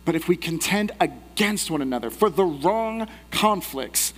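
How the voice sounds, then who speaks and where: A man's voice: high-pitched, lively intonation, measured pace, in a large hall. A man preaching a sermon, telling a story that pulls the listeners into imagined scenes. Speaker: pastor.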